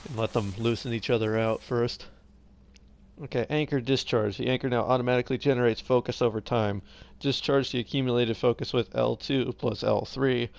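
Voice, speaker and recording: Speaking in a mid-range voice with vocal fry, this weary streamer talks fairly fast with fairly even intonation over a dry recording. He chats loosely about his live gameplay, reads on-screen text out loud, and lets sentences trail off unfinished.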